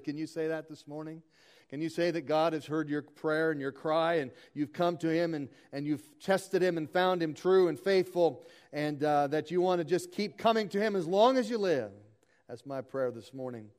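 Pastor, male, higher-pitched voice, earnest sermon delivery with slow emphatic scripture reading. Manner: earnest preaching, reads scripture slowly and emphatically.

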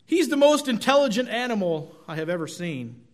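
A preacher voicing a wide-eyed butcher with a bright, raised voice. He fires off eager questions, his voice jumping up with amazement. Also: high-pitched, sing-song, moderate pace, voice pushed up. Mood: amazed. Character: surprised, chatty male butcher.

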